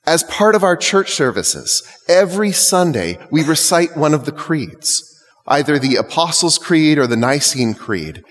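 A man's voice: fairly high pitch, sing-song, a little slow. A male clergyman preaching a sermon to his congregation in a conversational, lightly humorous way. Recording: long church reverb.

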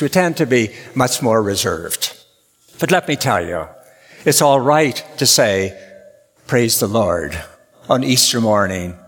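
A man, an Anglican priest giving an Easter sermon in a measured, storytelling way. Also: mid-range voice. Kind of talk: Easter sermon with a told joke. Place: large church. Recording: long church reverb.

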